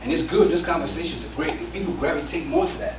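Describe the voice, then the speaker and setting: A man's voice: a little high, fast. A young adult man, a podcast co-host, giving a casual live speech with loose filler phrases. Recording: echoey room, far from mic, noisy.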